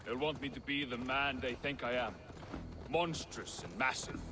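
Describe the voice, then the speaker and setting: A weary young outlaw, voiced by a man who speaks earnestly and a little haltingly. His voice is mid-pitched. Game audio with clear background noise and hoofbeats sits behind him. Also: lightly acted. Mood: uneasy earnest. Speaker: video game character.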